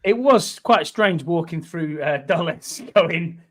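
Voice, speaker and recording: A man's voice: on the high side, animated, slow, no echo. A man co-hosting a sports podcast, laid-back and chatty. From United Kingdom. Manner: laid-back, brief replies. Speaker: podcast co-host. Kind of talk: casual sports podcast chat.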